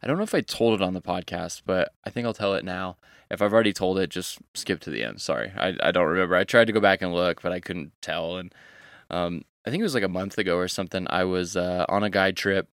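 A man's voice: deep voice, fast talker, fairly bright tone, clear, resonant tone, no room sound, clean studio sound. A young man working as a fishing guide, telling a casual, rambling story on a podcast with lots of slang.

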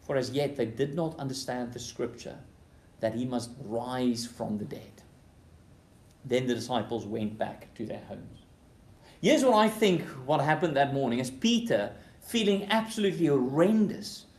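A man preaching a sermon, swinging between loud emphatic bursts and quiet, low passages, repeating key phrases for emphasis. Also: sing-song, moderate pace. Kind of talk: expository sermon. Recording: roomy hall echo.

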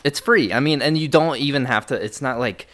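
A man's voice: mid-range voice, fairly quick, a bit bright. A young man co-hosting a podcast, chatting casually in a laid-back, rambling way with lots of fillers. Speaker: podcast co-host. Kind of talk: casual chat.

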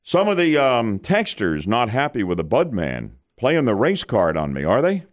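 A man's voice: mid-range voice, huge pitch swings, moderate pace. A middle-aged man hosting a radio morning show, wry and self-mocking in his banter. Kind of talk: talk radio banter and news reading. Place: radio studio. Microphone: studio microphone.

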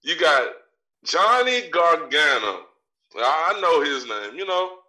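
Brash male podcast ranter, bright edgy tone, a bit far from the mic in a roomy space. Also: fairly high pitch, very animated, slow pace. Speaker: podcast co-host with a wrestling segment. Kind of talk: profane ranting commentary. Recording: echoey room, voice off-mic.

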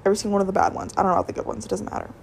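A young woman rambling through a casual storytime with a gravelly vocal fry at a mid pitch. Her talk is loose and chatty, full of "like," with restarts as she works back through her retail shifts. A faint hiss sits under her voice. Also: very animated, very fast. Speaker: retail worker telling work stories.

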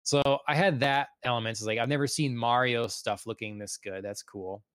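A man co-hosting a casual chat, talking in a relaxed, rambling way with plenty of fillers. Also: medium pitch, normal speed, smooth, no echo, clean studio sound. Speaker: podcast co-host.

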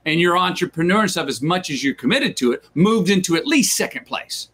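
A man's voice: sits high, expressive, fairly quick, a bit bright, slight background noise. Guy drawling through stories, repeats himself, slips into little voices for the people he quotes. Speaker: interview guest, actor. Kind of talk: reflective conversational storytelling.

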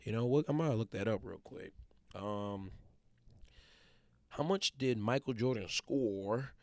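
A man's voice: fairly low pitch, a little slow, creaky, no room sound. A man, hosting a podcast with a casual, emphatic motivational monologue and often checking in with his listeners. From Detroit. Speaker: podcast host.

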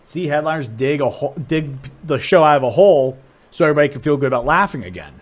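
Animated man telling a club story. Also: fast. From Dublin, Ohio, USA. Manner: animated storyteller, voice jumps high and loud when acting out people; swearing, restarts. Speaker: comedian guest. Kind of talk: casual podcast chat.

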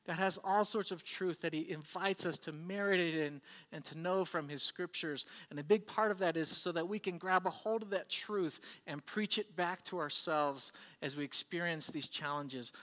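A man's voice: on the high side, moderate pace, hardly any pauses, sharp tone. A man preaching a sermon as pastor, earnest and conversational. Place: church service. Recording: long hall reverb.

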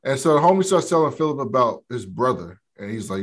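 A man's voice: medium pitch, big pitch swings, fast. A man in a casual podcast chat, retelling a TV episode in slangy speech, quoting the characters' lines. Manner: slangy, retells scenes with quoted dialogue. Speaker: podcast co-host.

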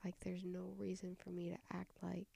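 A woman in her twenties with a slight southern twang, hosting a casual solo podcast, rambling softly with many fillers and restarts while her voice is going out. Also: fairly low pitch, completely flat delivery, moderate pace, noisy background. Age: 20s. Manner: rambling, lots of fillers and restarts, soft breathy delivery. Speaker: podcast host. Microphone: home microphone.

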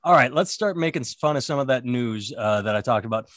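A man's voice: medium pitch, animated, a little fast, a bit bright, no room sound. Sardonic rambling male comedian host. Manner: rambling, sardonic, self-mocking. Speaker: podcast co-host, stand-up comedian. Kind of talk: casual comedic chat.

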